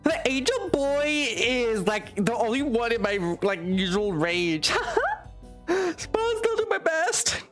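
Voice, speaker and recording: A woman streamer with a high-pitched voice reads a game aloud and chats casually, giggling often between lines. She's very animated but takes it slowly, with faint music behind her.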